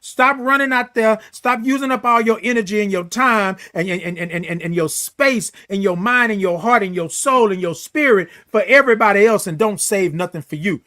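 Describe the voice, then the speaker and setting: A man's voice: high-pitched, normal speed, few pauses, bright, forceful tone. A middle-aged man hosting a morning live show, giving an emphatic, preachy pep talk that repeats key phrases and reads viewer comments.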